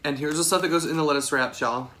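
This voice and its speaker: A young man with a Southern American accent hosting a solo mukbang vlog, chatty and excited, saying "y'all" again and again. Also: fairly high pitch, fast, noisy background. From Southern United States. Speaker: podcast host.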